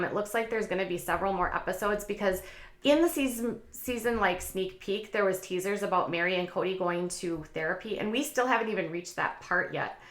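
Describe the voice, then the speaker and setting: A woman's voice: medium pitch, a bit bright, roomy sound. A woman hosting a casual commentary channel, talking in a chatty, opinionated way with lots of fillers.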